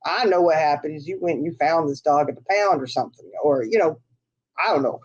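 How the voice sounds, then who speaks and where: A woman's voice: low voice, a little fast, a little mellow. A woman telling a long story in casual chat, laughing often and saying "you know" a lot. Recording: dull lo-fi sound.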